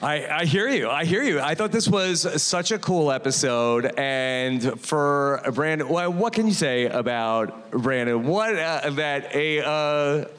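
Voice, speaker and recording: A man's voice: a little high, takes it slowly, few pauses, clear, resonant tone. A man hosting a live podcast show on stage, hyping the crowd and then chatting with his guest. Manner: hypes crowd with shouted intros. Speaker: podcast host. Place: live stage before an audience. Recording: live venue with crowd and music.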